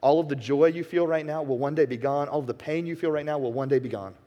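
Impassioned pastor in a reverberant hall. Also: male voice, on the high side, fast, highs cut off. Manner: impassioned, swings from hushed to emphatic. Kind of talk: sermon. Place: church sanctuary. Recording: long reverb of a church hall.

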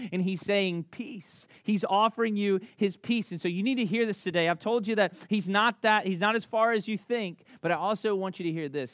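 A man preaching a sermon as a pastor, telling stories conversationally and swinging between loud bursts and hushed lines. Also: high voice, dry recording.

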